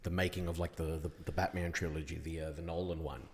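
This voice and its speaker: Brief: male co-host, very deep and fast, hesitant; reverberant room. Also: level tone, a little hiss or hum. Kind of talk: casual chat.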